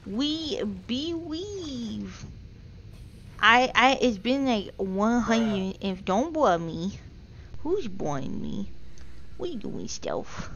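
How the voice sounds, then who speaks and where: A woman streaming a game live, unhurried and playful as she teases her chat. Her voice jumps high and loud in sudden excited bursts. The sound is a little dull, with faint game ambience underneath. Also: a little hiss or hum.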